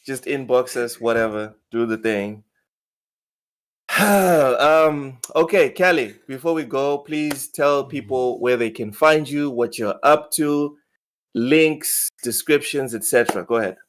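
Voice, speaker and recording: Male podcast host, mid pitch, easygoing banter, desk mic on a call. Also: takes it slowly. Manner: laughing, teasing banter. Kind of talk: casual gaming chat.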